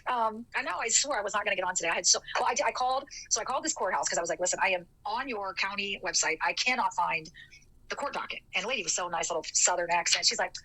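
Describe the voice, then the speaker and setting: A woman's voice: medium pitch, lively intonation, fast, bright, forceful tone, low-quality recording. A woman on a livestream, rambling and defensive as she tells her side of a story. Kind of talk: livestream rant.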